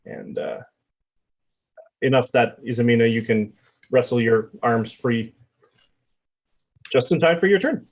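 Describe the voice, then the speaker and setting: A man running a tabletop game as its game master, narrating the action in a relaxed way with many fillers. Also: mid-range voice, unhurried, long pauses.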